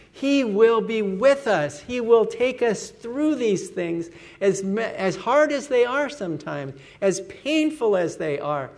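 Slow high-voiced earnest male preacher. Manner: earnest, emphatic, lets his voice fall at phrase ends. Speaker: pastor. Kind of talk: sermon.

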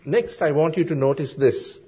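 A man preaching a sermon, explaining Bible verses slowly and deliberately with frequent ums and uhs. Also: fairly high pitch, breathy edge. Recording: dull lo-fi sermon recording.

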